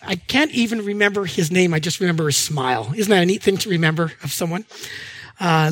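The preacher, a middle-aged man, has a high-sitting, fairly bright voice. His sermon is built on storytelling, and he performs the people in each anecdote with distinct voices.

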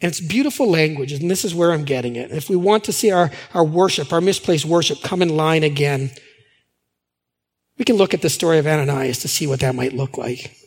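A male pastor giving a sermon in a conversational, animated storytelling manner. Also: on the high side, a little fast, breathy edge, in a large hall.

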